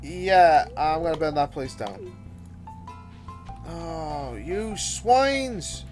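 A man's voice: a little high, slow, a little mellow, soft background music. A man giving casual gameplay commentary, exasperated and theatrical, grumbling and throwing mock insults.

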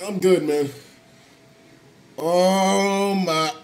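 A man live-streaming and reacting to donations in a casual, profane, excitable way, often bursting into shouts, recorded at home on a desktop mic. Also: high voice, drawn-out words. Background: faint music.

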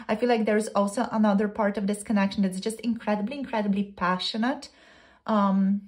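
A woman's voice: medium pitch, a little mellow. Chatty woman giving a tarot reading. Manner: chatty and flowing, with many fillers and "like" and "you know". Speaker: tarot reader. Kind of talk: pick-a-card tarot reading.

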